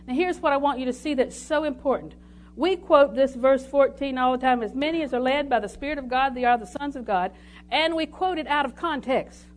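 Reading scripture aloud between homely stories, a woman delivers a folksy sermon. She speaks a little fast in a high voice.

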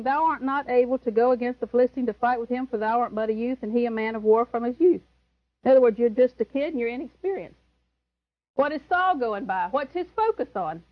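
A woman's voice: sits high, muffled recording. A woman preaching a sermon, emphatic and chuckling, who repeats her key words.

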